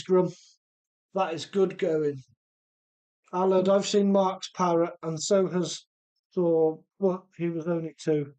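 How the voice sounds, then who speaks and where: A high-pitched man with a darkish tone hosts a radio-controlled car live stream from his home workshop. Easygoing and quick to laugh, he reads viewer comments aloud.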